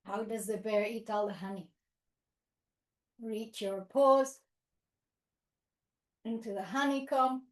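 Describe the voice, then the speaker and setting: A woman teaching a children's yoga class, leading a playful toddler session in a sing-song, animated way with animal noises. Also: a little high, takes it slowly, long pauses. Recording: echoey room.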